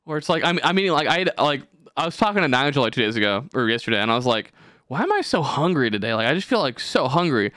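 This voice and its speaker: A lively young man chatting on a podcast, his pitch jumping around as he rambles through stories with a lot of swearing. His voice sits a little above the usual for men, and the sound is close and dry. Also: smooth, no room sound. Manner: animated, swearing, rambling storytelling. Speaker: podcast host. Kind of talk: casual podcast chat.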